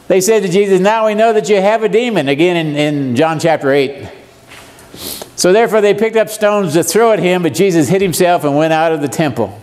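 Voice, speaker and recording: A seminar speaker in his seventies teaches a Bible lesson to a congregation with a drawl, his darkish-toned voice sitting somewhat high for a man. He keeps things folksy and joking, tossing questions out to the audience.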